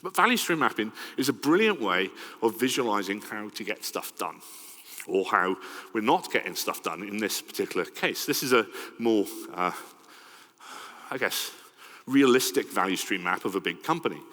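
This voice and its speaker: A middle-aged man with a Welsh accent speaks in a slightly low voice as he presents a conference talk. He keeps it conversational and lively, tossing in "right?" as he goes. The sound carries the long reverb of a large hall. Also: moderate pace.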